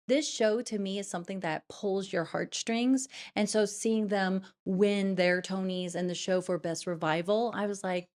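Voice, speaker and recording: A woman's voice: mid-range voice, darkish tone. Chatty woman theater vlogger. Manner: chatty, apologetic, addresses viewers as darlings. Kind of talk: casual reaction commentary.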